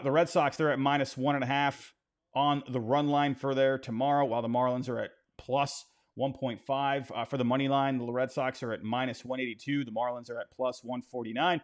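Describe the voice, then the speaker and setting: A man talks through a baseball game in a loose, chatty way, full of fillers and restarts. His pitch sits in a middle range, and he goes on to pitch a bet. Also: normal speed. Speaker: baseball recap host. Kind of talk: casual game recap and betting pitch.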